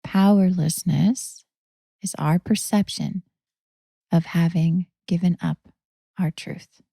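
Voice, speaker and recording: A woman hosting a spiritual talk, telling a guided story slowly and often dropping into a whisper. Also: lowish voice, fairly even intonation, vocal fry, warm tone, breathy edge, no room sound, studio quality. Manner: slow, drifting into whispers. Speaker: host.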